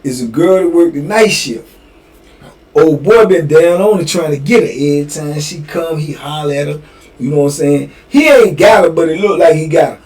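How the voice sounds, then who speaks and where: A man hosts his show and tells prison stories in slangy, conversational talk. He speaks in a high voice for a man, with casual asides. The mic is set back a little from him. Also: darkish tone, far from the mic. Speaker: host telling prison stories. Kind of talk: storytelling.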